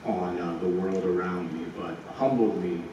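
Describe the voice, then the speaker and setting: A man speaking as an actor on a press panel, halting with many fillers and restarts. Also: low-pitched, steady tone, highs cut off. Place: large convention hall. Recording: echoey hall, far from mic, faint hiss.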